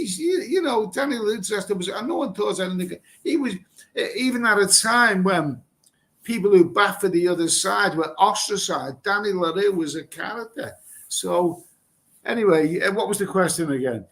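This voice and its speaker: A man's voice: high-pitched, animated, normal speed, creaky, a bit bright. Blunt, rambling Englishman hosting a livestream. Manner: blunt, rambling, swears casually, repeats himself. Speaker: livestream host reading viewer comments. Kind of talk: casual live chat, reacting to comments. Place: Thailand.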